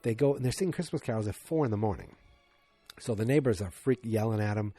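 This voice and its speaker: A man's voice: fairly low pitch, lively intonation, fast talker, warm tone, breathy edge, no echo, faint music behind. A man on a podcast casually retelling a sitcom episode, rambling with restarts and fillers and briefly acting out the characters' lines. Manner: rambling, restarts, lots of ums, acts out quotes. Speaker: podcast co-host.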